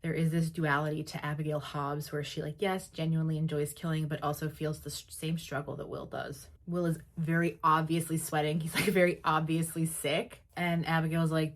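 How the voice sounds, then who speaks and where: A podcast host with a deep voice and level tone casually recaps an episode in a chatty way. Her talk is full of "like" and quick paraphrased quotes from the characters.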